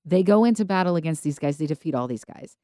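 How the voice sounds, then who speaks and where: A woman co-hosting a podcast, telling Bible stories casually and acting out the characters in quick voices. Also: deep voice, dry recording, studio quality. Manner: animated storytelling, acts out biblical characters in quick voices. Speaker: podcast co-host.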